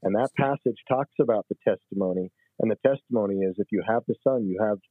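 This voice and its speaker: A man's voice: on the low side, fast, dry recording. A man explaining scripture in a religious discussion, emphatic and teaching. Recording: tinny phone line.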